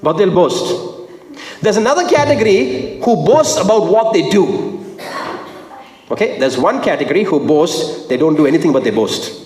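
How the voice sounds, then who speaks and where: A man's voice: lively intonation, normal speed, darkish tone. Emphatic male preacher in an echoing hall. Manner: emphatic, repeats phrases, swings from low to high pitch. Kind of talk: sermon. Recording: echoey hall with long reverb.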